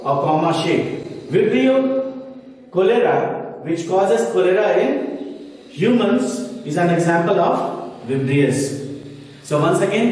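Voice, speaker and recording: Male biology teacher from India, high voice, slow, repetitive explaining; caught from afar in an echoey room. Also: a little mellow, distant mic. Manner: slow, repeats terms, checks in with "okay?". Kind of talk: recorded classroom lesson.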